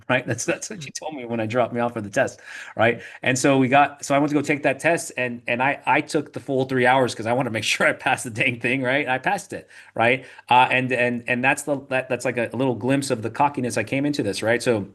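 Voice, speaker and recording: A man, a podcast guest, telling animated stories in a casual interview, full of restarts and repeated "right?" tags. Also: medium pitch. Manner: rapid, animated storytelling with frequent "right?" and filler restarts.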